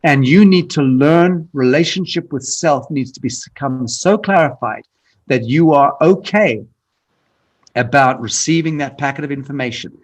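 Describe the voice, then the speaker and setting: A man's voice: on the high side, moderate pace. A man being interviewed who answers bluntly and emphatically, restarting phrases and repeating words often. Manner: blunt, emphatic, profane at times; frequent restarts and repetition. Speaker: podcast guest. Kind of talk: candid conversational interview.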